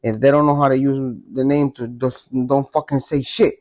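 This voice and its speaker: A man's voice: mid-range voice, flat delivery, normal speed, darkish tone, no echo, studio quality, close to an everyday voice. A man playing a furious old prison elder. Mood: angry. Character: angry older male prison gang elder.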